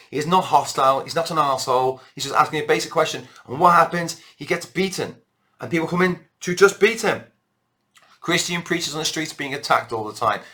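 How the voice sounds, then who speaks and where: A British man holds forth in an unscripted, rambling rant straight to camera. His voice is bright and forceful, pitched in an ordinary middle range, and he keeps circling back to his points with heated conviction. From Britain. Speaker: political vlogger.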